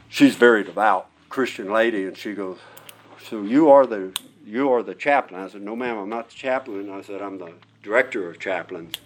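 A middle-aged man, a director of prison chaplains, telling a story in a folksy, conversational way and acting out the voices of the people he quotes. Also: on the low side. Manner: animated, acts out quoted voices. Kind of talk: storytelling testimony.

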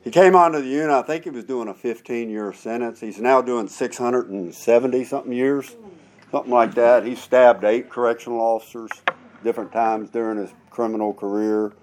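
A man's voice: medium pitch, steady tone, darkish tone. A middle-aged man, a former prison officer turned preacher, telling a testimony in a folksy sermon style. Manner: folksy storytelling, drawn-out emphatic asides.

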